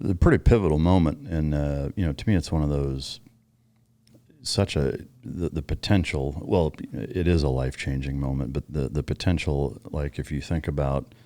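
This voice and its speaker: A man's voice: extremely low pitch, moderate pace, warm tone, dry recording. An American man hosting a podcast, talking casually, swearing freely and restarting his sentences. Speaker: podcast host. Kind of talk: casual interview.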